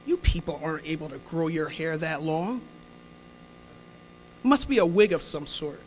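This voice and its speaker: A woman playing a skeptical, condescending elderly woman customer who speaks slowly and primly. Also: deep voice, lively intonation, slight background noise, voice pushed down, rough recording.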